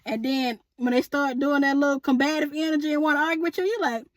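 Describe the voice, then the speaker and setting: A woman's voice: high voice, fairly even intonation, fast, no echo. A woman giving a chatty, sassy tarot reading to her viewers, calling them honey and boo and laughing often. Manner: laughs often, asks spirit aloud. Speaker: tarot reader.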